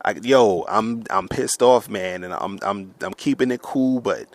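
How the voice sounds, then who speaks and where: A man's voice: fairly low pitch, measured pace. A man in an angry, profane monologue, stumbling over words and restarting as he rants to his listeners. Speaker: online men's coach. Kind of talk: heated monologue rant. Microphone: audio recording for upload.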